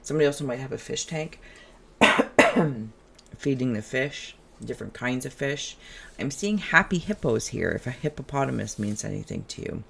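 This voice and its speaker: A tarot reader hosting a relaxed, channeled reading, who talks in a musing, chatty way and drifts into humming and asides. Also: medium pitch, moderate pace, creaky, slightly rough.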